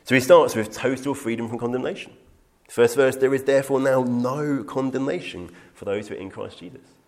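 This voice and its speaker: A preacher with a mid-range male voice, speaking a little fast, teaches through a Bible passage. He is earnest and emphatic, quotes scripture and takes questions.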